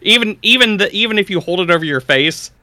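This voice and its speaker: Man, casual chat, reads questions aloud, bright voice, dry close mic. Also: high-pitched, animated, quick pace, dry recording. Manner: reads odd questions aloud, then chats about them.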